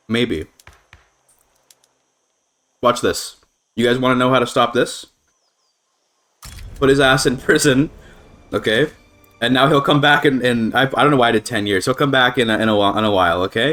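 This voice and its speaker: A young man from Canada giving rambling, excitable commentary on a strategy game he is playing. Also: medium pitch, a little fast, pauses often. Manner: rambling, excitable, swears and laughs often. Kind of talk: casual gameplay commentary.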